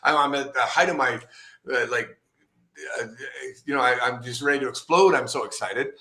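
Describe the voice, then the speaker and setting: Animated storytelling man, bright voice. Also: mid-range voice, normal speed. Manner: animated, acts out quoted voices, laughs often. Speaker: comic book artist guest. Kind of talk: casual interview storytelling.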